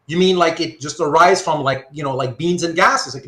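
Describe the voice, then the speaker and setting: A man teaching a live online philosophy class, working through examples out loud and often checking that his students follow. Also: on the high side, moderate pace. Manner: animated, thinks aloud with frequent rhetorical checks. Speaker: philosophy lecturer.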